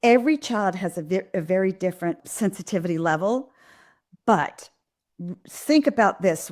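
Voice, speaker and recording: A woman's voice: lowish voice, a little mellow. A middle-aged woman hosting a live parenting Q&A, talking earnestly and directly to parents and acting out what parents and kids say. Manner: earnest, direct, acts out parents' and kids' lines in quotes. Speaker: pediatrician and parenting host. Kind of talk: live Q&A parenting advice talk.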